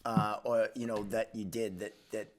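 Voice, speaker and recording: A man's voice: fairly low pitch, little pitch movement, moderate pace. A man hosting a podcast, asking his guest loose, rambling questions in a casual way. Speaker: podcast host. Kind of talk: casual interview chat.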